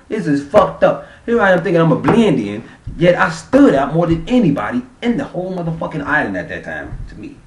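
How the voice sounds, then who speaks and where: A man's voice: fairly high pitch, big pitch swings, a little fast, few pauses, recorded from a distance. A man vlogger telling a travel story in a casual, profane, rambling way. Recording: roomy sound, off-mic.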